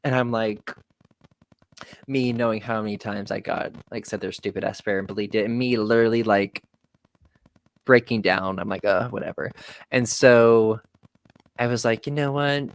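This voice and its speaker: A young man telling stories in a casual chat, animated, quoting people, swearing and laughing often. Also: fairly low pitch, moderate pace, long pauses, rough recording. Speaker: podcast guest.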